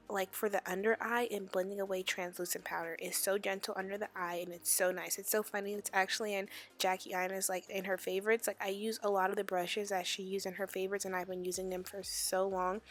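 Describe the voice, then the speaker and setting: Young woman whisper-talking a makeup tutorial, chatty, lots of likes, quiet late-night voiceover. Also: mid-range voice, little pitch movement, fairly quick. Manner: loud whisper, chatty with many "like" fillers. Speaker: beauty vlogger.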